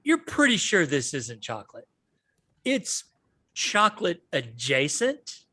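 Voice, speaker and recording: A man narrating as game master for a tabletop game, relaxed and wry. He talks unhurriedly in a slightly high voice, close and dry on the mic. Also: takes it slowly, husky, no echo.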